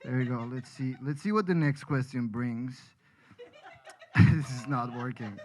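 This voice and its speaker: A man's voice: mid-range voice, a little slow, darkish tone, poor audio. A man from Colombia, a comedian rambling through a self-deprecating stand-up set with frequent restarts.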